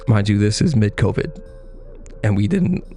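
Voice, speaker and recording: A young man with a lowish voice tells a long, rambling story full of swearing, and he keeps breaking into quick, squeaky impressions of the people in it. It is a loose, unscripted monologue with faint music underneath. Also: lively intonation, warm tone. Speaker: podcast host.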